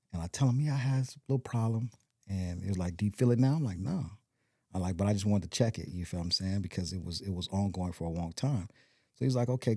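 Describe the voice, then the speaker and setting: Podcast guest: low-pitched man with a mellow tone and a dry close sound, rambling through a story. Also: no room sound. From Compton, California. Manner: rambling, animated retelling with quoted voices. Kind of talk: storytelling in casual interview.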